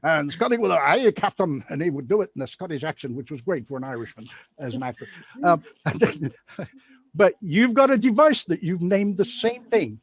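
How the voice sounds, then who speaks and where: Playful male host, husky and lively, rambling and giggly. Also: fairly high pitch, normal speed, no room sound, low-quality recording. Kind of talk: casual live show chat.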